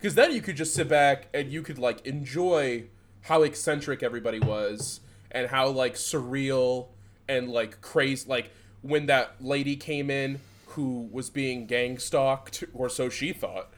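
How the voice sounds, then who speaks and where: Old work stories spill out of a young podcast co-host from Southeast Michigan in casual, rambling chat, complete with swearing and laughs. His mid-range voice runs a little slow.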